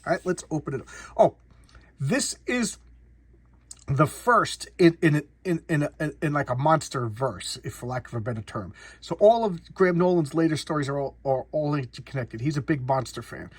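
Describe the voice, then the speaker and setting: A man's voice: fairly high pitch, expressive, moderate pace, breathy edge, dry recording. A man doing a casual comic book showcase, rambling and often repeating and restarting words.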